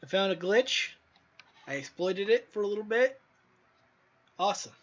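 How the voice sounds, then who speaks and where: A man's voice: high voice, expressive, normal speed. A man casually chatting while testing his own game, rambling loosely with crude asides. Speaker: indie game developer. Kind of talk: casual gameplay commentary. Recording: dull lo-fi audio with faint music.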